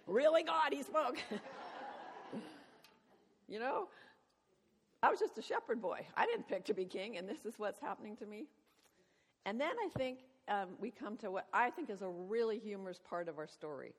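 A woman retelling a Bible story to her study group, chatty and humorous, laughing at her own jokes. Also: lowish voice. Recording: long reverb of a hall.

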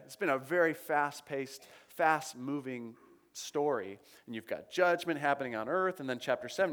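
This sermon is delivered by a man with a mid-range voice who teaches from the Bible in a conversational manner. He reads passages out loud with emphasis and keeps checking in with his audience.

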